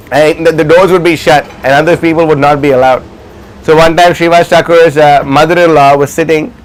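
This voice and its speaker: A man's voice: on the high side, smooth. A man telling stories in a class, speaking casually with many fillers and restarts. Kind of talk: storytelling class talk. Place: livestreamed class.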